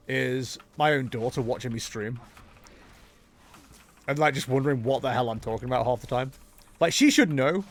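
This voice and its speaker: A young man streaming a game, chatting casually and rambling with jokes as he talks himself into ideas. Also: medium pitch. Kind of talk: casual live-stream chatter while gaming.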